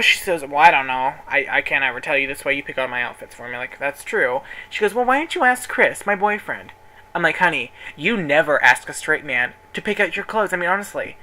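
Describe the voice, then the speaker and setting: A man's voice: on the high side, sharp tone, a little hiss or hum, low-quality recording. A man telling a story in a casual vlog, chatty and sassy, dramatically quoting people while folding clothes at home. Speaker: vlogger. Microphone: camera in front of him.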